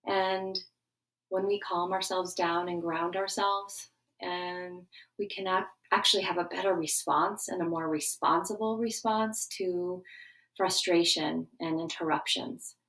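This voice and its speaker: A middle-aged woman giving a gentle morning lesson to schoolchildren, coaxing them through a breathing exercise. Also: lowish voice, steady tone, unhurried. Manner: warm, coaxing teacher voice, guiding breathing. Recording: voice a bit distant from the mic.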